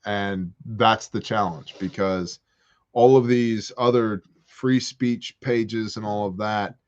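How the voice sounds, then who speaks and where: A man whose voice sits on the low side takes his time speaking, and the audio is dull. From a porch, he hosts a prepper Q&A livestream, chatting, joking, and animatedly telling stories while reading what viewers write.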